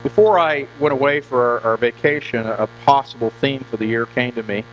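A pastor preaching a conversational sermon in a church, often repeating words and asking the congregation questions. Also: male voice, mid-range voice, fairly quick. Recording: dull lo-fi recording with mains hum.

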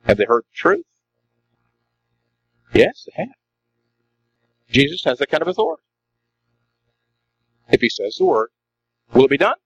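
A man's voice: mid-range voice, wildly swooping pitch, a little slow, pauses often, breathy edge, no room sound, poor audio. A man preaching a sermon as a pastor, emphatic and full of rhetorical questions to the congregation.

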